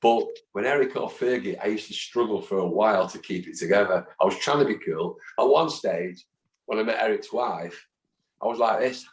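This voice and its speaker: A man in his fifties, a guest in a casual interview, telling animated anecdotes and acting out the voices of people he quotes. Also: lowish voice, normal speed. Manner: animated storyteller who acts out quoted voices. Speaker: guest, football fan. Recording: echoey room.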